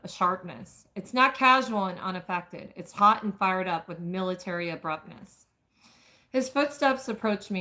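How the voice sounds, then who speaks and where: A woman's voice: mid-range voice, a bit bright. Woman reading a romance novel aloud. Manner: dramatic reading with asides about stumbles. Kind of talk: live-streamed book reading.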